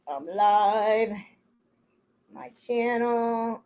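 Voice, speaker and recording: A woman's voice: mid-range voice, takes it slowly, long pauses. A woman hosting a casual livestream, greeting viewers by name and venting bluntly with plenty of swearing. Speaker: livestream host. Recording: dull lo-fi stream audio.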